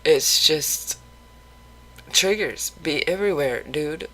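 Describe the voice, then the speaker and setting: A vlogger talking openly in a casual confessional video, rambling with halting restarts and casual swearing. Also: medium pitch, expressive, a bit bright, poor audio. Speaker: mental health vlogger.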